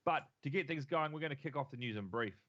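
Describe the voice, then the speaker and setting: A man's voice: fairly high pitch, fast, a bit bright, muffled recording. A man from the United States hosting a casual tech podcast, upbeat and joking with his co-host. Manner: upbeat, joking, friendly banter.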